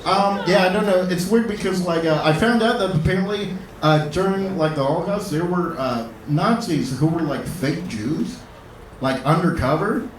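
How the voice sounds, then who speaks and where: A man doing a stand-up comedy set on a club stage, talking in a halting way with lots of fillers and restarts. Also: high-pitched, expressive, noisy background. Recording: roomy club, distant mic, loud audience.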